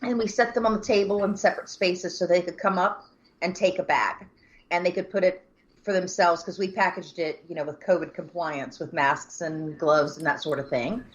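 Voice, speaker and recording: A woman's voice: fairly low pitch, normal speed. Blunt woman on a dull-sounding line. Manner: blunt and calming. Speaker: podcast co-host. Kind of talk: casual chat.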